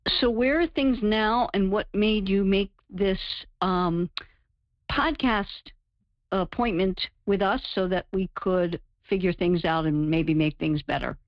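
A woman's voice: mid-range voice, slow pace, dry recording. Woman host asking probing questions. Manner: probing, asks clarifying questions. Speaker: podcast host and relationship counselor. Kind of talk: interviewing a guest. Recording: dry, dull lo-fi audio.

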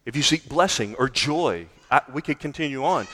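A male pastor preaching a sermon emphatically, swinging between loud declarations and quiet, low lines. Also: expressive, normal speed, long reverb tail, a little hiss or hum.

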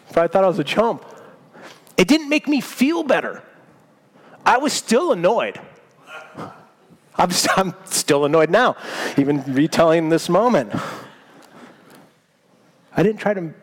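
A man preaching a sermon, telling a personal story in a lively, self-mocking way. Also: fairly high pitch. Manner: animated storytelling, self-mocking, laughs at himself. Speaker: pastor. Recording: long hall reverb.

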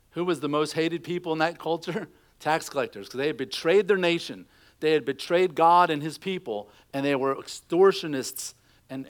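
A middle-aged man preaching a sermon, telling stories and acting out quotes in a conversational way. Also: fairly high pitch. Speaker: pastor.

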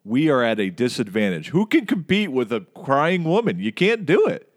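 A man hosting a podcast, chatting casually and telling stories with animated, acted-out scenes. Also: medium pitch, moderate pace. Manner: animated storyteller, acts out scenes. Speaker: podcast host. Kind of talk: casual chat.

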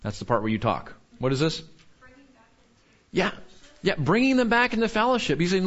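A man preaching a sermon in an earnest way, rising high when he quotes and dropping low when he turns somber. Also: sing-song, normal speed, fairly bright tone, lo-fi sound. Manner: earnest, rises sharply when quoting and falls low when somber. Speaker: pastor.

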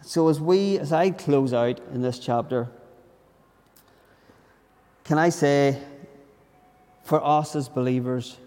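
A man's voice: fairly high pitch, slow pace, pauses often, a little mellow. Earnest male preacher in an echoey hall. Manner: earnest and conversational, with many restarts. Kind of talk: sermon. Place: church during a service.

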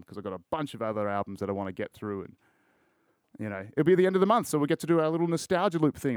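A man's voice: mid-range voice, darkish tone, clear, resonant tone, no echo, clean studio sound. An Australian man hosting a solo podcast, rambling in casual chat with lots of swearing and crude jokes. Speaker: podcast host.

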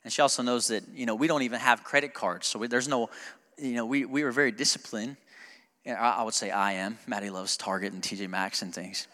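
A man's voice: medium pitch, fairly even intonation, brisk, pushed and bright, big-room sound. A male pastor preaching a sermon in a conversational, joking way that builds to emphatic preaching, recorded in a church sanctuary.

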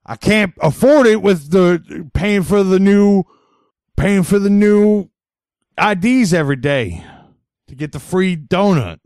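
A man's voice: high-pitched, lively intonation, takes it slowly, darkish tone, dry recording, clean studio sound, voice pushed up, full character voice. A man voicing a cranky, folksy old father obsessed with donuts, grumbling in broken grammar. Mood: whiny. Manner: folksy, gruff, ungrammatical grumbling.

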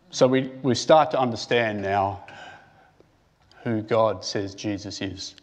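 A man's voice: fairly low pitch, moderate pace. A man giving a conversational sermon who asks his listeners questions and thinks aloud with restarts. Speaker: preacher.

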